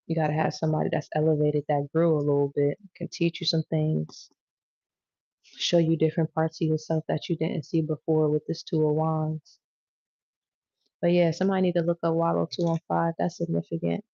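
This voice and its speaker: A woman's voice: deep voice, little pitch movement, moderate pace, creaky, long pauses, mellow, dry recording, highs cut off. A woman giving a casual tarot reading to her viewers, rambling, profane and chatty as she goes. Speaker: tarot reader.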